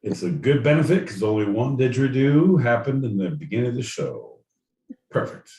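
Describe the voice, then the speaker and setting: A man's voice: medium pitch, big pitch swings, brisk, warm tone. A man co-hosting a podcast, riffing in crude, rambling, mock-indignant banter. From Southern California. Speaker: podcast co-host. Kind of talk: casual comedic banter. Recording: roomy, distant mic with faint noise.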